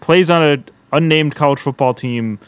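A young man co-hosting a casual chat, recapping in a playful, lively way. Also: on the high side, normal speed, clear, resonant tone, no echo. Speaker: podcast co-host.

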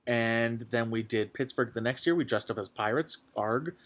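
A man's voice: medium pitch, moderate pace. Young man rambling casually as host. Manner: rambling, full of fillers, excitable. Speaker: podcast host. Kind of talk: casual chat.

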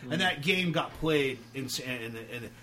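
A man's voice: medium pitch, lively intonation, normal speed, crowd noise. A man from New York telling rambling, profane stories as a guest in a casual interview. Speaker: guest, metal band singer. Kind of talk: casual storytelling.

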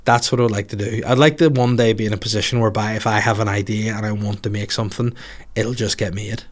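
A man's voice: fairly low pitch, steady tone, fast talker. A man, a comedian chatting casually on his podcast, rambling and swearing through jokey asides. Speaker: comedian podcaster answering listener questions. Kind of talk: casual solo podcast chat.

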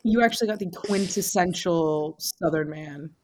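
Brief: woman podcast co-host, lower voice, dry wry humor, relaxed chat. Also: moderate pace. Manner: wry, deadpan jokes. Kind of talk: casual chat.

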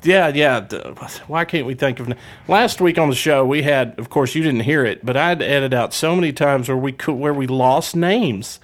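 A man's voice: medium pitch, normal speed, few pauses. A man hosting a casual wrestling podcast, joking and rambling with playful trash talk. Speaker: podcast host.

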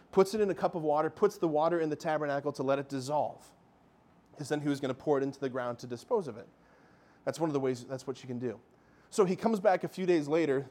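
A man giving a lively Catholic faith talk, telling miracle stories with animation and calling his listeners "guys". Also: a little high. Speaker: Catholic speaker.

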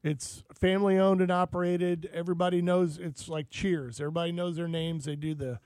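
A man's voice: sits high, level tone, a little fast, darkish tone, clean tone, no echo. A man reminiscing in a casual chat, rambling with lots of fillers.

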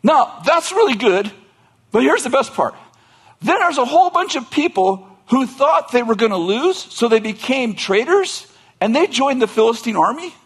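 A man delivers a sermon as loose, comic storytelling, full of asides, restarts and frequent laughter. His voice sits high for a man and is husky. Its pitch swings widely as he plays up the tale. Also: normal speed. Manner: animated, joking, laughs often between lines. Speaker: pastor.

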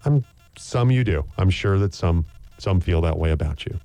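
A man's voice: low voice, animated, normal speed, warm tone, faint music behind. A man hosting a sports radio show, chatting casually, repeating himself and laughing easily.

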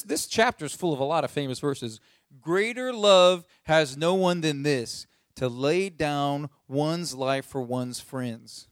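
A man's voice: on the high side, no room sound, studio quality. A man preaching a sermon in an easygoing, conversational way, stressing points hard and stumbling into restarts and fillers. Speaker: pastor.

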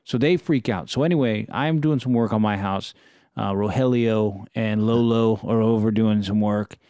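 A man in casual conversation, telling animated stories about his neighbors and acting out their lines. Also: lowish voice, normal speed, smooth, dry recording, clean studio sound. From Los Angeles area. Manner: animated anecdotes, mimics neighbors. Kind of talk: casual storytelling chat.

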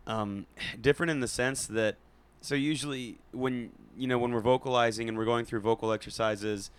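A man's voice: mid-range voice, fairly even intonation, normal speed, clear, resonant tone. A man who teaches voice, telling a story in a casual chat with a laid-back manner and plenty of fillers.

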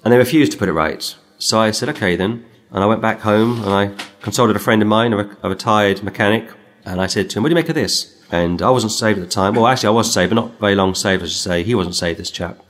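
Emphatic low-voiced preacher. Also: male voice, quick pace. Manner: emphatic, rises sharply when reading scripture. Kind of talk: sermon with Bible reading.

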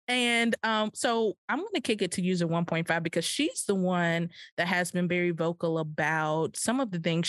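A woman co-hosting a podcast in casual chat, lively and slangy, talking straight to her listeners. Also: lowish voice, no echo, clean studio sound. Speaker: podcast co-host.

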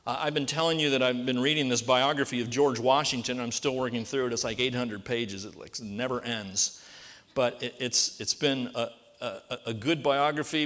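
A man's voice: medium pitch, a bit bright, in a large hall. A pastor preaching a sermon in a conversational way, asking his listeners rhetorical questions.

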